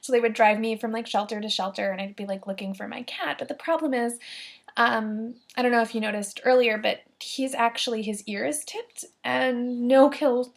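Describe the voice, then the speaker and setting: Animated young woman telling a personal story. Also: on the high side, normal speed, vocal fry. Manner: animated, many "like" fillers, acts out quoted voices. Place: Columbus, Ohio area.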